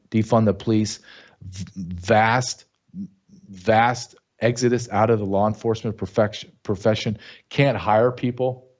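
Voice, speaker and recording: Blunt middle-aged man, low mellow voice. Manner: emphatic, blunt, fires rhetorical questions. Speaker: show host. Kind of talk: opinion commentary. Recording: dull lo-fi sound.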